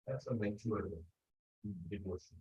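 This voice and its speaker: A man, a monk telling a devotional story in an unhurried sermon and acting out the quoted voices. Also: lowish voice, darkish tone. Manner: unhurried, acts out quoted voices, non-native grammar. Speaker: monk giving a talk. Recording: roomy echo, dull lo-fi sound.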